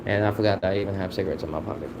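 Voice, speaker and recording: A tired man chatting casually and profanely on a late-night livestream from his phone at home, with sudden loud, excited outbursts. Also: sits low, rapid-fire, background noise. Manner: loose, profane, laid-back talk with sudden loud excited bursts. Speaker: live streamer.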